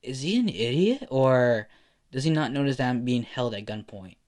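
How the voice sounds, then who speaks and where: A man's voice: mid-range voice, expressive, moderate pace, a little mellow, lightly acted. An exasperated teenage girl, voiced by a man. She sounds incredulous and fed up in a fan-made storybook reading.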